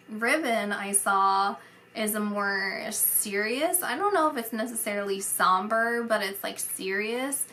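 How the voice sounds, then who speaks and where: A woman's voice: mid-range voice, pushed and bright, slight background noise. A woman psychic medium giving a casual spoken reading, rambling and hesitant with many fillers.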